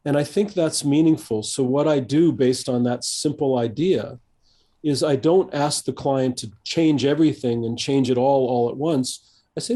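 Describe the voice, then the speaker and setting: A man in his fifties, a coach being interviewed on a podcast, speaking thoughtfully and haltingly with many restarts and fillers. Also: medium pitch, warm tone. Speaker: executive coach, guest.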